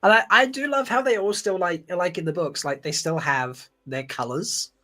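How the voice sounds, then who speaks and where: A man's voice: high-pitched, normal speed, soft background music. A man from Essex, hosting a casual chat and animatedly quoting characters. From Essex, England. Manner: animated, laughing, quotes characters in voices. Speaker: host.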